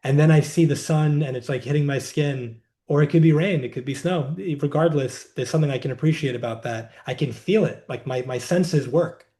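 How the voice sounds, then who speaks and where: A man as a podcast guest, calmly explaining a wellness practice in a reflective, conversational way, seated indoors. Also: a little high. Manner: reflective, unhurried, says "like" often. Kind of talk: conversational interview, teaching.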